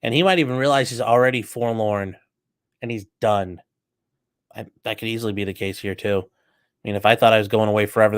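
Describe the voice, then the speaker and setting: A man's voice: medium pitch, a bit bright. A man hosting a show, giving blunt, emphatic commentary on a trial with sports analogies and some swearing. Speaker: host commenting on a trial clip. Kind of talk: casual commentary.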